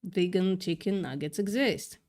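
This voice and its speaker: Reading news on her livestream, this woman stumbles over words and adds sarcastic, foul-mouthed commentary in a casual way. She speaks at a measured pace in a lowish, darkish voice, and her mixed accent leans partly British.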